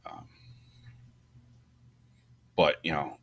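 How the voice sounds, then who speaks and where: A man co-hosting a fire service podcast, talking through a fire video in loose, rambling shop talk with many restarts, rising in pitch when he gets animated. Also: extremely slow. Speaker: podcast co-host, fire truck company boss. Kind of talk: casual shop talk about firefighting.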